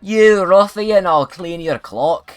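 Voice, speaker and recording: A man putting on a Scottish accent to voice a feisty old clockmaker, slow and threatening. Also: high-pitched, clear, resonant tone, faint music behind, pitched above the performer's own voice. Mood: scolding. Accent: Scottish, put on.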